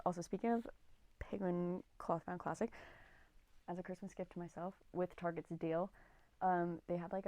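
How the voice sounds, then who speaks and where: A woman in her twenties co-hosting a podcast, chatting casually on her own in a gushing, excitable and rambling way. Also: on the low side, no room sound. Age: 20s. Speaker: podcast co-host. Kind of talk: casual solo podcast chat.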